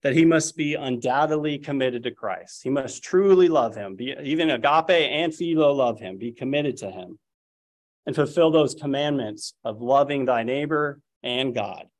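Male preacher, mid-pitched, lively storytelling sermon, acts out the quotes. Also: normal speed. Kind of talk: expository sermon.

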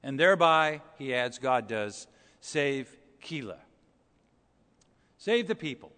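A man's voice: medium pitch, very animated, normal speed, sharp tone. Conversational male preacher in a reverberant hall. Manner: expository, conversational, rhetorical questions. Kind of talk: sermon.

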